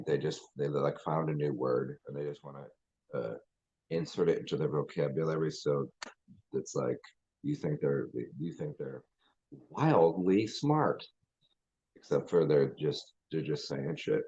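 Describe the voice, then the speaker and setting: A man's voice: a bass voice, mellow, slightly rough, lo-fi sound. A man hosting his channel, ranting in a rambling, profane way with lots of restarts. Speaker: channel host. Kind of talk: casual livestream rant.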